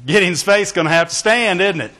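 A man preaching a sermon to a congregation, emphatic and animated, calling out exclamations and asking for answers from the room. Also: high-pitched, a little fast. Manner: emphatic, with call-and-response exclamations. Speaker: pastor. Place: church sanctuary with a congregation. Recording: long hall reverb.

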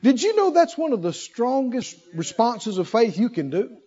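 A man preaching a sermon in an animated way, firing rhetorical questions and breaking into laughter. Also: extremely high pitch, moderate pace, husky. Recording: dull lo-fi recording.

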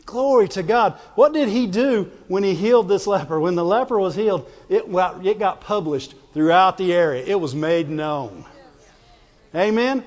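Fervent preacher, high male voice, long echo in a big hall, call-and-response delivery. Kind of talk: sermon. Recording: dull lo-fi sound with long hall reverb.

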